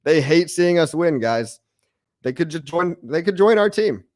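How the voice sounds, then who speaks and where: A man hosting a crypto livestream, talking casually to his chat in an excitable, brash way, mocking critics and repeating his lines for emphasis. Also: fairly high pitch, unhurried, no echo, clean studio sound. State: out of breath. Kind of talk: live-stream chat reacting to viewers.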